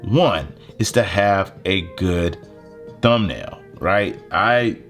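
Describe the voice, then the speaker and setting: A man's voice: deep voice, very slow, soft background music. A young man casually explaining a phone video-editing setup and a plug-in mic, with lots of fillers. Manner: relaxed, conversational, lots of fillers. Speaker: tech video creator. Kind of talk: casual gear tutorial. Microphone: handheld phone mic.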